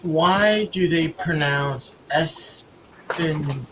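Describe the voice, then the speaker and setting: A man in casual conversation at home, making brief, unhurried remarks. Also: on the high side, fairly bright tone, a little hiss or hum, rough recording. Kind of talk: casual chat.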